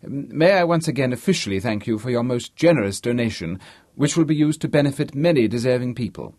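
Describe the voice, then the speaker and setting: A man's voice: mid-range voice, lively intonation, fast, darkish tone, dry recording, clean studio sound, close to an everyday voice. A man playing a flustered, gracious don. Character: nervous, flustered male don.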